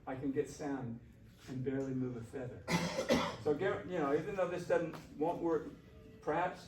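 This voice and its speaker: A man leading a shakuhachi workshop, coaching students on their breathing in a relaxed, encouraging way. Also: a little high, normal speed, soft background music. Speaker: shakuhachi teacher. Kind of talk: workshop instruction. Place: classroom. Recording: roomy, distant mic, faint room noise.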